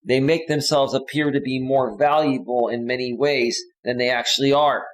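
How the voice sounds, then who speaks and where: A man's voice: medium pitch, steady tone, moderate pace. A male relationship coach giving casual advice in an earnest, lecturing way.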